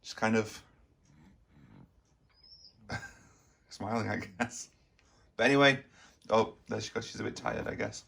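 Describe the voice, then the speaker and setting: A man with a hoarse, raspy voice, chatting casually in a gaming vlog and rambling with many fillers. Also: lowish voice, fairly even intonation, measured pace, long pauses, fairly bright tone. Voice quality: raspy, gravelly. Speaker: vlogger.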